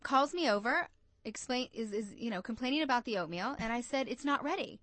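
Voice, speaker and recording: Animated American woman telling a story. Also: a little high, a little fast, no echo. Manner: animated storyteller, acts out quoted voices. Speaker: guest, coach and entrepreneur. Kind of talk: storytelling interview chat.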